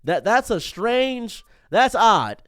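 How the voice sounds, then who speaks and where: A man talks off the cuff in a commentary video, his pitch leaping up and down as he riffs. His voice sits a little high for a man. He drifts into tangents and restarts his sentences. The sound is dry, with faint music underneath. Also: takes it slowly, clean tone, no echo. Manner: animated, tangent-prone, self-interrupting. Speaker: streamer and commentary host. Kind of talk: unscripted commentary monologue.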